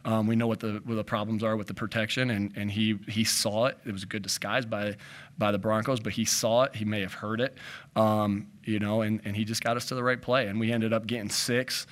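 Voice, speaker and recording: A man's voice: fairly low pitch, little pitch movement, a little fast, a bit bright. A man, a head coach, answering questions at a postgame press conference, rambling with frequent restarts and fillers.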